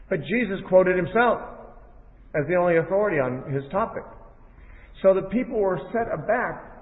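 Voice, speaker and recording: A man teaching from the Bible in a measured, explanatory sermon style. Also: fairly high pitch. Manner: measured, explanatory, with quoted lines read aloud. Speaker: preacher. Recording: tinny phone-like audio in a large hall.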